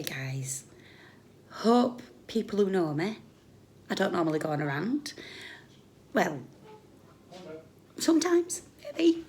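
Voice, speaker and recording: A British woman ranting on a live stream, blunt and sarcastic, scolding someone by turns loudly and under her breath. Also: on the low side, gravelly. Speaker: YouTube commentator.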